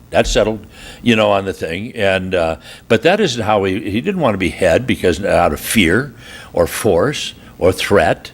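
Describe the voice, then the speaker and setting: A man preaching a sermon at a marriage retreat, telling humorous stories and leaping into high, animated voices for the people he quotes. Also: moderate pace, husky. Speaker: pastor. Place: church retreat hall.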